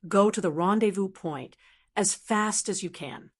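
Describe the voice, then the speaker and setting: A woman reading out a calm male battalion commander in an audiobook, giving brisk orders. He keeps steady under pressure and sounds commanding. The voice sits at a middling pitch. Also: husky.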